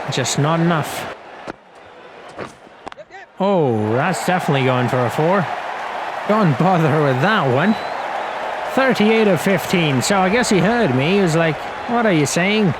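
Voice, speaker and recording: A young man with a fairly high voice talks through a cricket video game in a chatty, self-mocking way, laughing often. The roar of a stadium crowd and steady noise sit clearly behind him. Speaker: gaming commentator. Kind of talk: casual commentary over a cricket video game.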